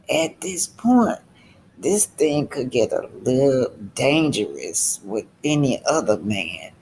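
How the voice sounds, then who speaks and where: Slow-talking creaky man reacting to a show. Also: medium pitch, a little hiss or hum. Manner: emphatic, addresses viewers as y'all, repeats points. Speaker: reality show commentator. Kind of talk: casual reaction commentary.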